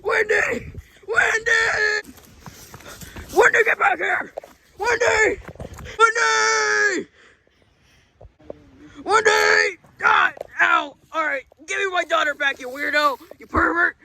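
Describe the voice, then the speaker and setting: A man playing a panicky, bossy father on a family hike in an improvised comedy skit, shouting in alarm and teasing bluntly. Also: extremely high pitch, steady tone, normal speed, few pauses, a little hiss or hum, full character voice. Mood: frantic.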